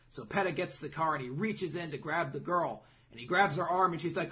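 Young guy podcast host, high lively voice, swears a bunch, does little character voices while recapping. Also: a little fast. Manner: animated, swears casually, acts out characters' lines. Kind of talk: casual manga recap chat.

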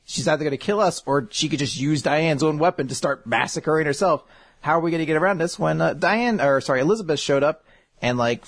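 A man's voice: mid-range voice, no room sound. Casual man recapping with a dry close sound. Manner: rambling, laughing, profane. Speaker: host.

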